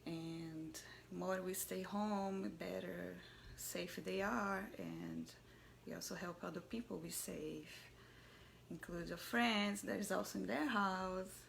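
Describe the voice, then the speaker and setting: A mother telling a personal story in a soft, halting voice that often drops to a whisper. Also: on the low side, steady tone, creaky, a little hiss or hum. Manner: halting, searching for words.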